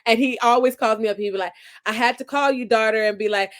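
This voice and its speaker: A woman's voice: fairly high pitch, steady tone, a little fast. A woman in her forties, an author being interviewed, reflecting earnestly on family and parenting as she tells her story. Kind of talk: conversational interview.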